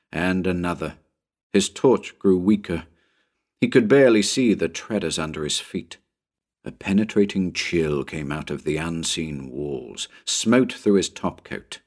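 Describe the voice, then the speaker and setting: A man narrating a horror short story in a measured, suspenseful audiobook style. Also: deep voice.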